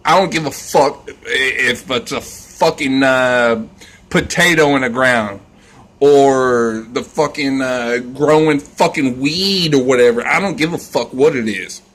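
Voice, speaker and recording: A man's voice: mid-range voice, a bit bright. A man ranting in a casual vlog, rambling and scornful, swearing constantly. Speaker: vlogger.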